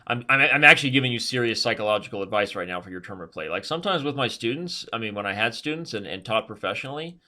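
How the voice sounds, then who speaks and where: A man commentating his own online chess games while playing, animated and self-mocking, giving advice. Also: mid-range voice, rapid-fire, few pauses. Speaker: chess master streamer.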